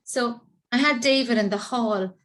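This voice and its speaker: An Irish woman in her fifties tells her own story in an interview, earnest and heartfelt. Her voice sits a little higher than most women's, and she brings the scenes to life by voicing the people in them. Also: measured pace, fairly bright tone. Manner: earnest, emotional, acts out quoted dialogue. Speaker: interview guest, parent carer. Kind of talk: personal storytelling in conversation.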